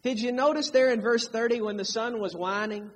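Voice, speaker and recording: A man's voice: very high-pitched, fairly even intonation, a little fast. A man preaching a sermon, emphatic, drawing out key phrases to stress them. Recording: long hall reverb.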